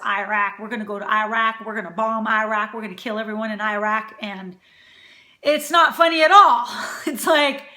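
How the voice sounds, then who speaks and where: A woman's voice: high voice, bright, forceful tone. A woman cooking-channel host in her thirties or forties chatting casually and playfully, repeating words to demonstrate how to say them. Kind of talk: casual talk to camera. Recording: echoey room.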